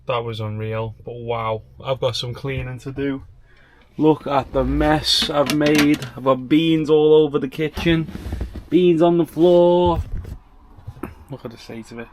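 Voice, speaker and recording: With a faint hiss or hum on the audio, a young travel vlogger rambles casually to camera in a small campervan, leaning heavily on fillers. He has a mid-range voice with a steady tone at normal speed.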